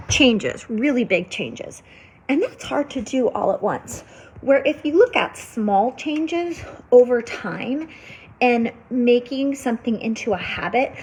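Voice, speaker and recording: A woman's voice: fairly high pitch, noisy background. A woman in her thirties, a faith-based health coach, talking energetically to the camera from an ice bath, shivering from the cold. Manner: energetic, chatty, many fillers. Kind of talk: faith-based motivational vlog.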